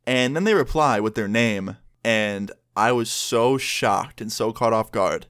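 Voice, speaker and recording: A young man tells a casual storytime on his vlog in a chatty, animated way. His voice is smooth and clear, pitched in the middle for a man. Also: normal speed, hardly any pauses. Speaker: vlogger.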